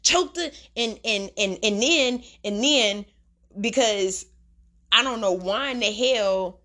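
A woman's voice: on the high side, slow pace, fairly bright tone. Blunt, profane woman ranting on a podcast. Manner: profane, blunt, heavy slang, dramatic retelling. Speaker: podcast host. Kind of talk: casual commentary monologue.

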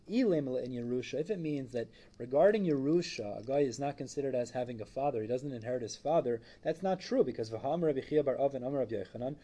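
A man's voice: on the high side, dark tone. A man teaching a Talmud lesson, explaining step by step and mixing Hebrew and Aramaic phrases into his English.

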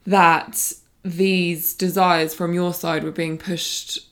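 A woman's voice: on the low side, flat delivery, slow, fairly bright tone. A young woman hosting a podcast, talking frankly and with emphasis in a casual conversation with her mother.

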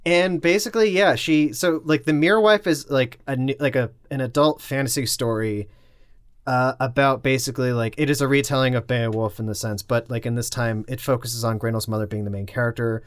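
A man's voice: medium pitch, steady tone, a little fast, clear, resonant tone, no room sound, studio quality. A man co-hosting a casual podcast chat, talking in a rambling way full of "like" and "uh". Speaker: podcast co-host.

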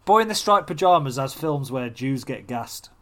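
A man in brash, sweary casual podcast banter, laughing often and arguing loudly. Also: mid-range voice, lively intonation, moderate pace, a crowd in the background. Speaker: podcast co-host.

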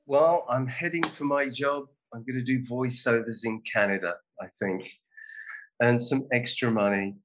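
A man hosts a casual live show, introducing videos with relaxed, wry asides. His voice sits at a middle pitch. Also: moderate pace, low-quality recording. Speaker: host reacting to videos.

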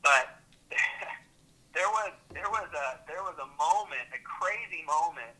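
A man, a teacher, telling a faith story with lively repeats and restarts. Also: a little high, measured pace, low-quality recording. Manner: animated, repeats words and restarts. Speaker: teacher and Christian club leader.

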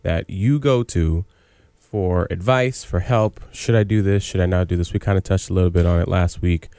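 A man hosting a casual community radio show, relaxed and soothing in his delivery. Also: low-pitched, normal speed, smooth, no room sound.

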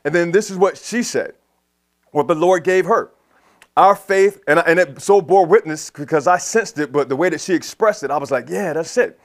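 A man's voice: on the high side, normal speed. A man preaching a sermon in a conversational way, acting out talks with the Lord and others. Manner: conversational preaching, acts out dialogue with the Lord, animated. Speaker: pastor.

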